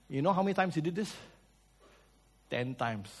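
A man preaches. His voice sits a little high for a man. He tells lively stories, swings between loud and soft, and asks his listeners questions. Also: moderate pace. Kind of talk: sermon.

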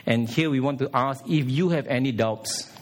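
A man preaching a sermon as pastor in a church, animated, with pitch shifting for emphasis and acted quotes. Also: normal speed.

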